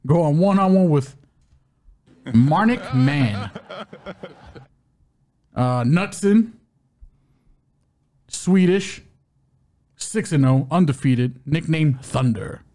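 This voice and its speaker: A man's voice: a little high, expressive, drawn-out words, pauses often, dark tone. A man co-hosting a podcast, previewing fights in a loose, joking way and stumbling over names. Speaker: co-host of a fight-betting podcast.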